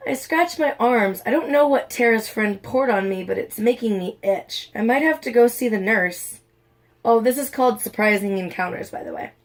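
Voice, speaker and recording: A woman's voice: fairly high pitch, normal speed. A young woman casually reading a fan-fiction story aloud, doing the characters' lines in livelier voices. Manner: reads all parts, lively quoted voices. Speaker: audiobook reader.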